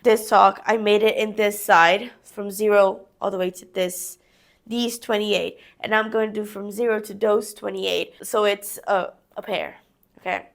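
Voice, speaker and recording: Working on her knitting, a young crafting vlogger explains each step in a casual, self-directed chat. She speaks a little slowly in a creaky mid-range voice that stays fairly even in intonation.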